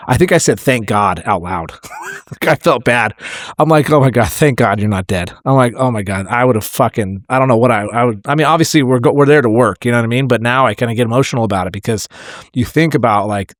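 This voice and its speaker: A man's voice: medium pitch, quick pace, no room sound. Podcast co-host, man, firefighter, blunt and emotional storyteller, dry close mic. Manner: candid, swears freely, emotional storytelling. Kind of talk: casual podcast chat.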